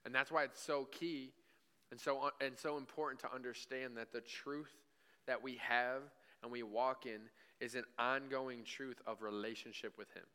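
A man's voice: mid-range voice, fairly even intonation, normal speed, bright, forceful tone, clean tone. A male pastor preaching a sermon in a church, in a conversational way, with frequent "right?" asides and short acted-out bits of imagined dialogue. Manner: acts out imagined dialogue with God.

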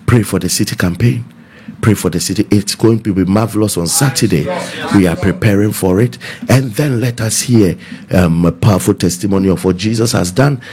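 A man's voice: on the low side, fairly quick, crowd noise. Emphatic pastor, man. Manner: emphatic, repeats key phrases. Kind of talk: preaching and appeal for offerings.

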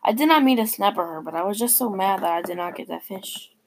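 A woman reading a personal story aloud in a plain, unhurried way with small stumbles. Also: mid-range voice, expressive, a little hiss or hum.

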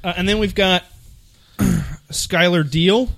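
A man's voice: high voice, fairly even intonation, takes it slowly, a bit bright. A man co-hosting a podcast, chatting casually about films, swearing often and rambling with lots of fillers. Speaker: podcast co-host.

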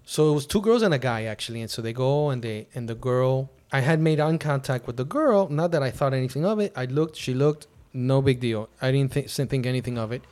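A man's voice: medium pitch, fairly quick, hardly any pauses. Podcast host guy telling a bar story, casual chat, acts out all the quotes. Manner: animated, acts out quotes of himself and others.

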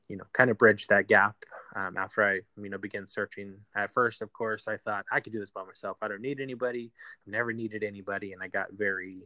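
A man telling a painful personal story in an interview, halting with many fillers and restarts. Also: lowish voice, bright, forceful tone, no room sound. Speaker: guest.

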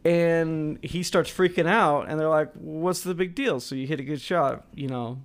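A man's voice: on the high side, moderate pace, smooth. A man co-hosting a podcast, recapping a movie in loose, rambling casual chat, swearing and correcting his co-host.

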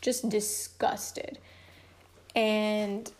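A woman's voice: medium pitch, little pitch movement, drawn-out words, darkish tone, a little hiss or hum. A young woman casually telling a personal story at home, chatty and emotive, full of filler words.

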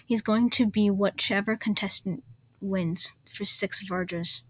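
A woman's voice: mid-range voice, steady tone, a little slow, natural voice. A woman voicing a desperate young man who pleads in a shaky voice that keeps rising. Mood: desperate pleading. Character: desperate young man, frantic with fear for his friend.

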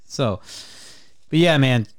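A man hosting a podcast, telling a story in a casual, animated way, swearing often and laughing. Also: medium pitch, takes it slowly, no echo, studio quality. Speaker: podcast host.

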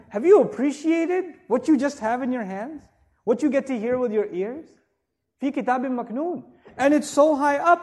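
A man teaching a religious lecture to a live audience, chatty and joking, asking rhetorical questions and turning forceful when urging respect. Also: extremely high pitch. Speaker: Islamic teacher.

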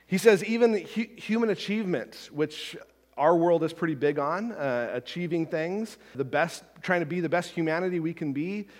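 A man's voice: a little high, long reverb tail. A man preaching a sermon as a pastor, talking conversationally with frequent asides and restarts.

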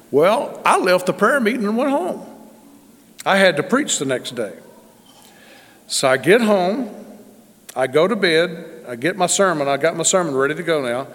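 A man preaching a storytelling sermon, his voice sitting a little high for a man. He swings from emphatic declarations to quiet, confiding asides. The sound rings with a long church-hall reverb. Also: lively intonation, moderate pace. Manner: dramatic, swings from loud emphasis to hushed asides. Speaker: pastor.

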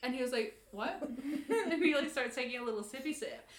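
A woman's voice: high-pitched, a little fast. Giggly woman, roomy echo. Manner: animated, giggly storytelling. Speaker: podcast co-host. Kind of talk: casual chat.

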